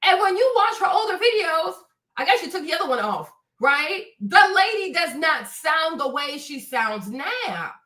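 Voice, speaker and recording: High, bright-voiced blunt woman streamer. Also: sing-song, moderate pace. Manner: blunt, profane, keeps checking in with "right?" and "okay?". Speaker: commentary stream host. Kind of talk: opinionated live-stream commentary. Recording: roomy, distant mic.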